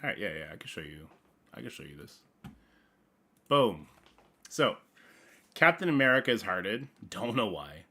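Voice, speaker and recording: A man hosting a casual gaming livestream, rambling playfully with sudden loud bursts and mumbled asides. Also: on the low side, very animated, normal speed, pauses often.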